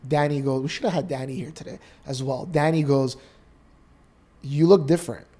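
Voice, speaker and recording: A Canadian man in his thirties co-hosts a podcast and shares an emotional personal story with earnest animation. His pitch is medium and he talks fairly quickly.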